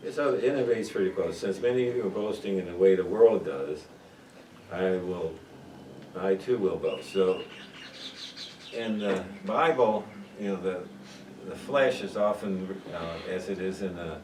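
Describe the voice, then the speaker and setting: A man's voice: low-pitched, measured pace, a little mellow. A man leading a church Bible study, talking conversationally and putting questions to the group. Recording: echoey room, mic far off, noisy.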